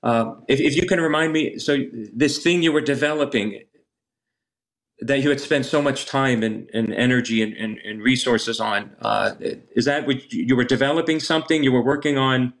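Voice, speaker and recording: A male priest answering a caller on a call-in radio show in a gentle, careful and reassuring way. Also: medium pitch, normal speed.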